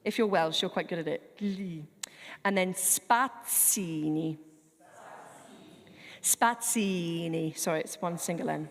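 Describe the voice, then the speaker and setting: A woman's voice: on the low side, fairly even intonation, a little fast. A woman director coaching a choir in a church, chatty and breaking words down to demonstrate how to pronounce them. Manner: chatty, demonstrates pronunciation word by word. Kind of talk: rehearsal coaching. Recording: long hall reverb.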